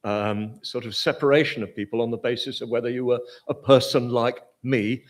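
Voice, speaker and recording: A man's voice: mid-range voice, steady tone, normal speed. An older man with a posh English accent giving an informal Buddhist talk, hesitant, with many fillers and restarts. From Britain. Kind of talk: informal lecture.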